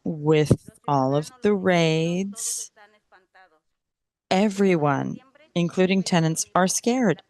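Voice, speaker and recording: A woman interpreting public comments at a council meeting into English, speaking in a slow, measured, deliberate way. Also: on the low side, expressive, darkish tone, dry recording.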